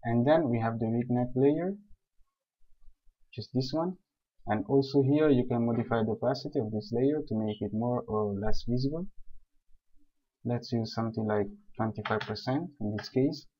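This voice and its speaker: A man calmly explaining software steps one by one in a screen-recorded tutorial. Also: medium pitch, normal speed, breathy edge. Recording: dull lo-fi voice recording.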